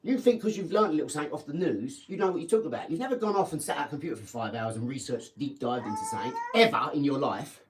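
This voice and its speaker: A man's voice: on the high side, animated, fast, hardly any pauses. English man, 40s, combative live-stream lecturer, off-mic in an echoey kitchen. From England. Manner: lecturing, combative, talks down to viewers. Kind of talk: ranting live-stream monologue. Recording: echoey room, mic at a distance.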